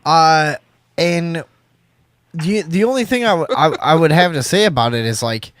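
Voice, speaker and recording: A man's voice: on the high side, expressive, moderate pace, a bit bright, no echo, clean studio sound. A man hosting a casual call-in talk show, rambling with many restarts and frequent swearing.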